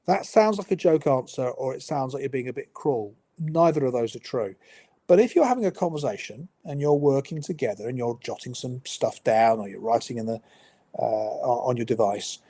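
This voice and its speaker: Chatty male trainer, mellow tone. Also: medium pitch. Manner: chatty and down-to-earth, with dry humour. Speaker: workplace communication trainer. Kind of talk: live-streamed training talk.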